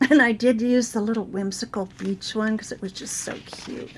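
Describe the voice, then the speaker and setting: A middle-aged woman with a raspy voice from a sore throat, chatting casually through her craft project with many fillers. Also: fairly high pitch, fairly even intonation, moderate pace, few pauses, slight background noise. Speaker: crafting channel host. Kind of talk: casual show-and-tell craft video.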